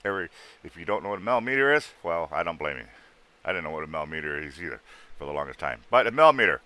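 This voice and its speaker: A man hosting a livestream, bluntly pitching ghost hunting gear in rough, casual sales patter. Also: big pitch swings, very fast, bright, forceful tone. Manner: rough-spoken, blunt, salesman patter with sound-effect noises.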